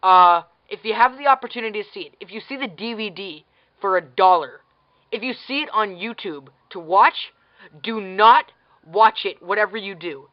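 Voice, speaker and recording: A woman's voice: medium pitch, lively intonation, a little fast, lo-fi sound. Blunt, sarcastic woman ranting. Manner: blunt, sarcastic, swears freely; exasperated, incredulous questions. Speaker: vlogger reviewing a movie. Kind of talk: casual ranting review.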